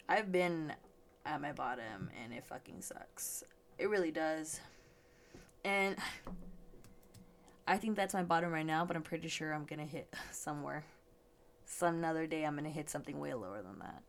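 A woman's voice: sits low, measured pace, creaky, long pauses, a little hiss or hum. A young woman hosting a casual solo podcast, swearing freely and laughing often, a little stuffy and yawning. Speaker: podcast host.

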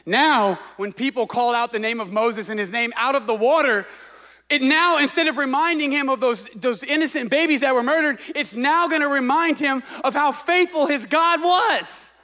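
A man's voice: extremely high pitch, normal speed, pushed and bright. A man preaching a sermon with passion, exclaiming and repeating phrases for emphasis.

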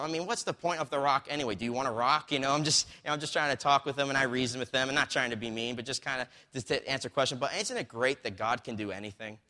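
A pastor preaching a sermon in a conversational, storytelling way, recorded in a church sanctuary. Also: male voice, medium pitch, bright, forceful tone. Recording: long reverb of a large hall.

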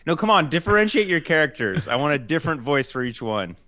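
A man co-hosting a podcast in casual chat, talking in a measured, thoughtful way. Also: fairly high pitch, very animated, bright, forceful tone, dry recording, clean studio sound. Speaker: podcast co-host.

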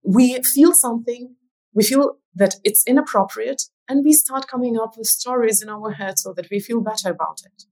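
A woman's voice: on the high side, normal speed, darkish tone, rough recording. A woman author and speaker, a guest on a podcast, explaining her ideas thoughtfully with some "uh" fillers. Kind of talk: interview conversation.

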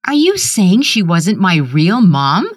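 A woman's voice: on the low side, very animated, slow, no room sound, pitched above the performer's own voice, full character voice. Woman reading shaken grown-up son, urgent questions, dry close sound.

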